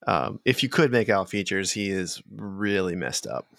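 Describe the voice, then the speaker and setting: A man running a tabletop game as game master, relaxed and hesitant, with many fillers. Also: sits low, normal speed, creaky, no room sound, clean studio sound.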